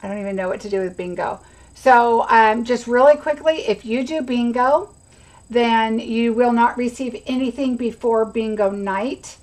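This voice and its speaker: A woman's voice: on the high side, moderate pace, a little mellow, poor audio. Woman, craft livestream host, casual rambling chat, middle-aged, greets viewers by name. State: has the hiccups.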